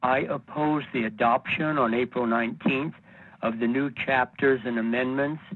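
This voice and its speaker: An older man from Northern California reading a formal, measured statement of opposition as a phoned-in public comment. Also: medium pitch. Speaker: caller giving public comment. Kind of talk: read prepared statement. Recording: tinny phone line.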